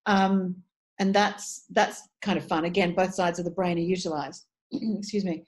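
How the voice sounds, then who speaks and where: A woman voice and dialect coach with a lowish voice speaks in an interview conversation at a moderate pace. She is articulate and animated, sometimes restarting phrases.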